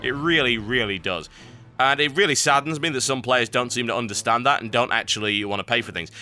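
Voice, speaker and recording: Male show host, emphatic and ranting, with a very bright, sharp tone and faint music underneath. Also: medium pitch, brisk. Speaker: host of a gaming news show. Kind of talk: commentary on reader submissions.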